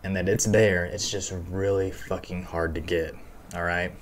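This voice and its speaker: A man's voice: low-pitched, flat delivery, moderate pace. A man hosting a casual episode breakdown, talking loosely with lots of fillers and casual swearing. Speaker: show recap host.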